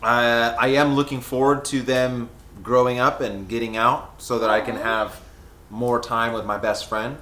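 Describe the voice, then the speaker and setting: Casual male vlogger in his thirties, animated storyteller, mid-pitched voice, says "dude" a lot, recorded in a roomy space. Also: unhurried. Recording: echoey room.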